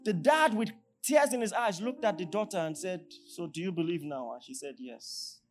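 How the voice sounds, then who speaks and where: Nigerian male pastor, lively pitch, sermon with soft music under it. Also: fairly quick. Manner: animated preaching, swings from loud to hushed. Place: large church hall.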